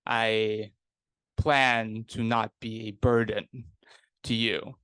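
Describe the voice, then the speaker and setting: A man's voice: lowish voice, flat delivery, extremely slow, fairly bright tone, clear, resonant tone, no echo, full character voice. Reeves, a man doing a stiffly polite retainer. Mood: formal. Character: formal, dutiful male retainer.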